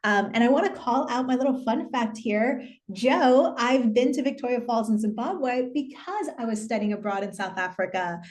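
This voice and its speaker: A woman's voice: a little high, animated, moderate pace, hardly any pauses, a little mellow. A woman working as a customer education manager, introducing herself on a webinar in an upbeat, friendly way over a video call.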